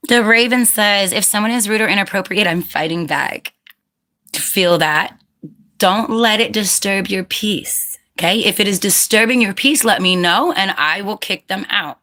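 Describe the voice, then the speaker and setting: A woman's voice: medium pitch, normal speed, bright, forceful tone. A woman hosting a casual livestream, reading viewer comments aloud, chatty and laughing often, firm with rude commenters. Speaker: livestream host.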